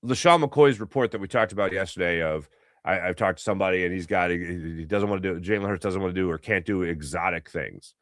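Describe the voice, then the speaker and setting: A man hosting a sports show, arguing his point in a fast, animated monologue full of rhetorical questions. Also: low-pitched, no echo, studio quality. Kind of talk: casual sports commentary monologue.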